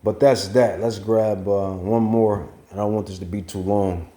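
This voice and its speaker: A man's voice: fairly low pitch, steady tone, measured pace, warm tone. A man preaching and reading scripture at length, rambling and repeating phrases for emphasis, with features. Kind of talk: scripture teaching.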